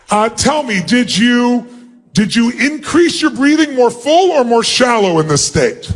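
A man's voice: very high-pitched, lively intonation, slight background noise. A man giving a live motivational seminar to a large crowd, commanding the audience and calling for their responses. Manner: acts out quick mock greetings. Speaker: motivational speaker. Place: large auditorium.

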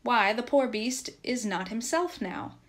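A woman reading aloud as a worn-out peasant workman, raising her voice a little higher and louder to call out across the snow. He sounds dogged and patient, pressing on in a storybook tale. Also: animated, a little slow. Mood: urgent, weary. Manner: calling out loudly, urging.

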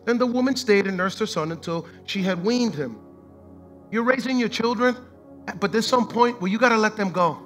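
A male pastor preaching a sermon with passion and casual slang, swinging between shouted declarations and hushed scripture reading. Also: high-pitched, normal speed, soft background music, low-quality recording.

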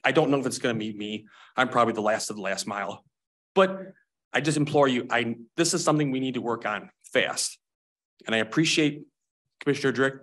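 A man making a public comment at a board meeting, emotional and pleading, speaking haltingly. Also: medium pitch, expressive, fairly bright tone. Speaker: member of the public.

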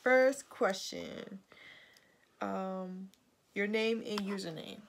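A woman's voice: medium pitch, very slow. A young woman from Washington, D.C., chatting in a laid-back, giggly way as the vlogger's sister. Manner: laid-back, giggly, reads questions aloud. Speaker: guest sister. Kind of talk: casual chat.

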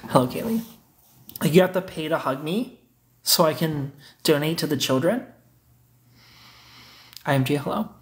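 A man's voice: fairly high pitch, lively intonation, moderate pace, long pauses. A young man, hosting a casual livestream, reading chat comments aloud and teasing viewers in a joking way.

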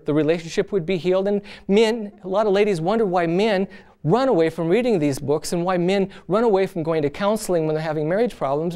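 A man's voice: high voice, darkish tone, smooth. A man preaching on marriage in a conversational, folksy way, telling stories. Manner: conversational, folksy, many "you know"s. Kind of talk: sermon with storytelling.

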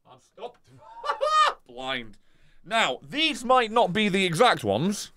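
Rambling swearing streamer man, lively pitch. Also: takes it slowly. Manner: rambling, swearing, laughing between thoughts. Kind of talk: casual live stream chat.

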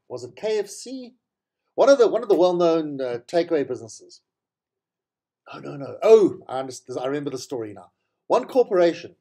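Chatty, animated middle-aged man. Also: fairly high pitch. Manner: chatty and rambling, with frequent self-corrections. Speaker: show host. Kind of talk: casual solo monologue.

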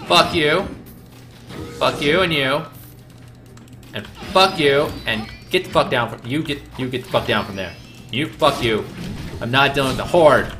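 A man hosting a let's play with loud, profane, rowdy outbursts and game audio behind him. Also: medium pitch, animated, a little slow. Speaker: gaming channel host. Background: game audio and music.

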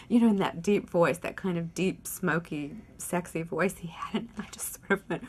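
An actress reminiscing in a documentary interview, quoting past conversations. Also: female voice, lowish voice, moderate pace, few pauses, husky. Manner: reflective, quoting others.

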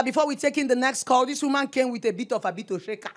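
A Nigerian woman in her thirties hosts a live radio call-in show, effusive and affectionate, calling every caller "darling" and slipping into Pidgin. Her voice is high and fast.

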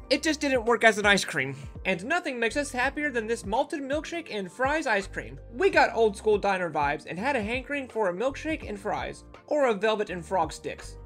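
An upbeat food vlogger running a casual taste-test review, with a bright, forceful voice. The talk is enthusiastic and aimed straight at the viewers. The pitch sits in a middling range.

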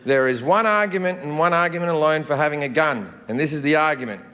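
A man's voice: fairly high pitch, fast. An Australian man performing a stand-up comedy set, sardonic and profane, with punchy delivery. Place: large theater stage, played on a reaction video. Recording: echoey hall with loud noise.

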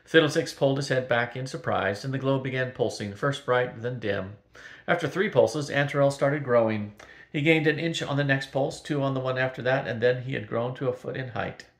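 An older man reads a children's fantasy novel aloud at a steady, unhurried pace, his voice sitting at a middle pitch. The recording has a roomy echo around it. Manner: steady and even, with small slips. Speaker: grandfather reading aloud. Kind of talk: storybook read-aloud.

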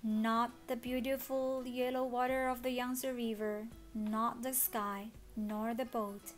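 A woman reading a children's story aloud, expressive with dramatic gasps. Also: on the high side, slow, faint music behind. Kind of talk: children's read-along story.

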